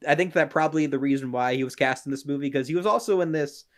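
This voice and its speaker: A man's voice: fairly high pitch, fast. A man guesting on a casual movie podcast, earnest and thinking aloud, restarting his sentences and hedging as he goes.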